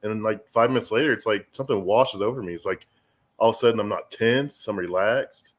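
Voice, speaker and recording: A man's voice: on the low side, fairly quick. A middle-aged man chatting casually on a podcast, candid and self-deprecating, rambling with frequent restarts. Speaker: guest.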